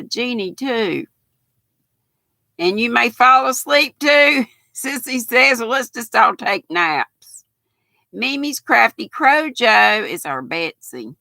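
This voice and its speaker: A woman's voice: mid-range voice, vocal fry, no room sound. An older woman hosting a live crafting stream, chatting folksily with viewers and calling them honey and darling. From United States. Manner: chatty, rambling, with soft laughs. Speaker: host of a live knitting and crochet stream.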